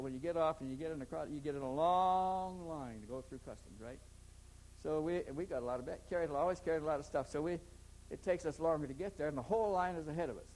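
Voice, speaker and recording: A man with a fairly high pitch and darkish tone recounts his experiences at length in an interview, rambling and frequently repeating his first words. The recording is rough, with slight background noise.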